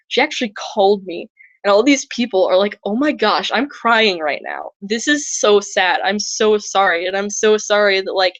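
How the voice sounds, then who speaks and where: A woman's voice: medium pitch, a bit bright, no room sound. A woman telling a personal story in a casual, rambling way, filling her sentences with "like". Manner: rambling, heavy use of filler "like". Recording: dull lo-fi dry recording.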